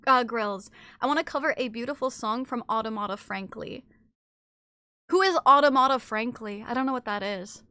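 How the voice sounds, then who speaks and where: A woman streamer chatting casually with her live chat while eating, animated, switching between loud exclamations and low asides, swearing freely. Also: brisk, no room sound, clean studio sound.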